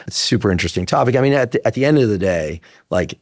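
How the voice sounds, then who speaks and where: A man in his fifties with a fairly low voice interviews a guest in loose, rambling sentences. He restarts often and drops blunt opinions along the way. The sound is dry and close. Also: expressive, rapid-fire, dry recording. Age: 50s. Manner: talkative, thinks aloud with restarts, blunt opinions. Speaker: podcast host. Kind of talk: casual interview.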